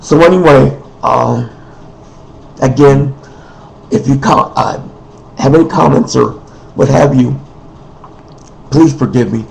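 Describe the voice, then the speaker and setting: A man speaking in an unscripted personal monologue, emotional and weary, halting, repeating himself and often clearing his throat. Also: mid-range voice, slight background noise, poor audio. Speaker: person making a personal appeal.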